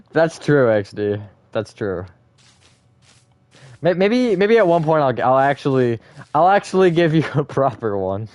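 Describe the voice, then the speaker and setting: A man's voice: a little high, huge pitch swings, slow pace, long pauses, darkish tone, no echo. A man hosting a live stream, chatting casually with viewers in a rambling, self-correcting way and laughing often.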